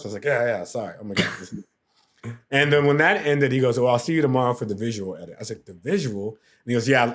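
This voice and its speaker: Middle-aged male podcast guest, animated anecdote-teller, mimics voices and sounds; mid-range pitch. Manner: animated, acts out quotes and sound effects. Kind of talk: casual storytelling.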